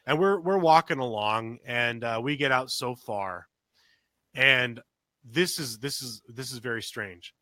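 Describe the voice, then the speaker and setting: Animated, bright-voiced storyteller man. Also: measured pace, no echo. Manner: animated storyteller, acts out quotes with big pitch jumps; swears casually, many restarts. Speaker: podcast co-host. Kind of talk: casual storytelling chat.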